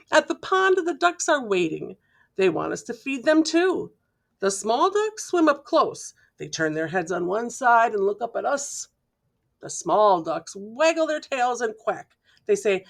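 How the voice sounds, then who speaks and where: A woman reading a children's picture book aloud slowly and clearly, imitating the sounds in the story with playful mouth noises. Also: medium pitch. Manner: slow, clear reading to young listeners. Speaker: storybook reader.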